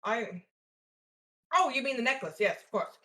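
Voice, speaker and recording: A woman's voice: a little high, animated, normal speed, bright, forceful tone. A woman playing in a tabletop game, talking in a cheerful, playful way. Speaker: player. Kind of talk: tabletop role-play chat.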